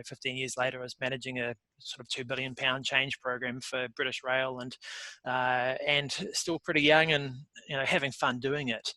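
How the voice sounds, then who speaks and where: A man in his forties with a New Zealand accent, a guest telling his career story in a relaxed way with fillers. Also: mid-range voice, dry recording, low-quality recording. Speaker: guest, software company founder. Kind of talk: casual interview talk.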